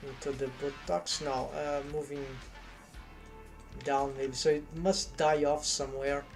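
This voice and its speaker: A man's voice: a little high, level tone, a little slow, faint music behind. A man streaming his 3D modeling work, thinking aloud in hesitant, half-finished remarks.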